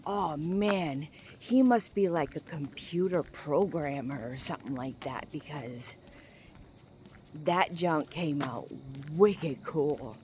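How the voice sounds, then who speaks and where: A woman vlogger from Maine rambles in an unhurried, low voice as she walks down a small-town street for a casual walking vlog. Her talk is full of ums and likes, sometimes dropping to a hush. Her phone mic picks her up outdoors with faint ambient noise behind.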